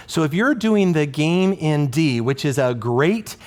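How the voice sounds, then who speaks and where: A man's voice: a little high, expressive, a little slow, darkish tone. A male elementary music teacher explaining a singing game to other teachers, asking the viewer questions and chanting rhythm syllables. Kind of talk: instructional video for music teachers.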